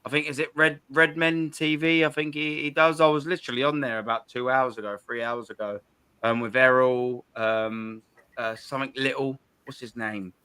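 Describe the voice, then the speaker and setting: Lively slangy man hosting. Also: mid-range voice, moderate pace, clear, resonant tone, no room sound. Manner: animated, slangy, lots of restarts. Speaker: host of a football call-in show. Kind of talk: casual chat.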